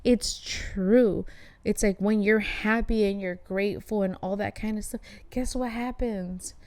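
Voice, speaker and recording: A woman's voice: medium pitch, fairly even intonation, a little slow, a little mellow, no room sound. A woman hosting a casual conversation, chatty and peppered with swearing and fillers. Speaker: host. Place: art studio shop.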